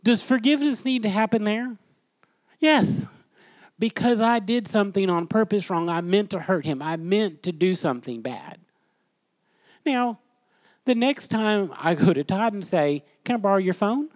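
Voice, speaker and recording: In an unhurried, high voice with no echo, a man teaches a Bible class. His style is conversational and full of storytelling, and he quizzes the class with questions as he goes.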